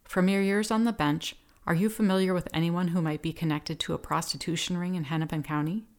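A woman voicing a polite, sweetly persuasive young woman, in her own low voice. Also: steady tone, fairly quick, natural voice. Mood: sweet coaxing. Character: calm sweet-talking young blonde woman.

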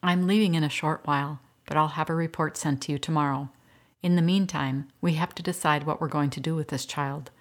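A woman reading the lines of a tired male doctor, speaking in a grave, measured way. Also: fairly high pitch, steady tone, a bit bright. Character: weary male small-town doctor.

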